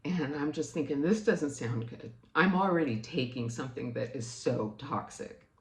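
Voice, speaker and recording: A woman with a low voice recounts a personal story in an earnest, emotional way. Her voice climbs higher as she gets upset. The room around her gives a noticeable echo. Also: moderate pace. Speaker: vlogger.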